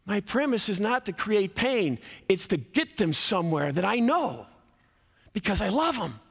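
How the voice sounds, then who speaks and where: A college athletic director and speaker in his fifties preaches an emphatic sermon in a large college chapel, swinging his voice up and down for effect. His high-pitched voice is very animated and fairly bright, with vocal fry and a breathy edge, at normal speed, under long hall reverb.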